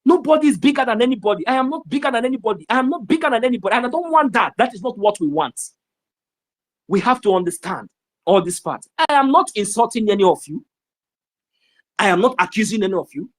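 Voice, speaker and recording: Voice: mid-range voice, lively intonation, fast talker. An activist with a Nigerian accent giving an impassioned address in a live audio room, scolding and emphatic, repeating phrases. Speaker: activist speaker.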